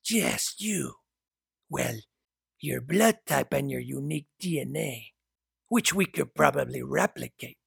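List: man doing a calm menacing boss, mocking, gravelly, husky, dry storybook read. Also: mid-range voice, a little slow, no room sound, full character voice. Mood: cold. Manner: smooth, mocking, chuckles darkly. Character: calm menacing male captor, cigarette-smoking boss.

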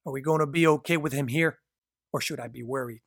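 A man reading a story, voicing a nervous male computer operator who asks things quickly. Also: mid-range voice, fairly bright tone, breathy edge, no room sound, studio quality. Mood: worried.

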